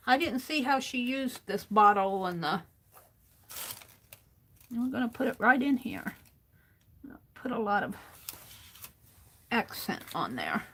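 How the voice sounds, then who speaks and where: A woman's voice: on the high side, expressive, creaky, a bit bright, slight background noise. A woman hosting a casual crafting livestream, talking to herself as she works and drifting from the mic now and then. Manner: unhurried, muttering to herself while working.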